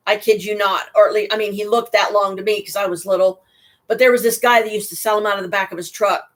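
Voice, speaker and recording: A woman's voice: medium pitch, fairly even intonation, fast talker. A woman telling personal stories casually, rambling and heartfelt, with frequent restarts and asides. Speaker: storyteller addressing a listener.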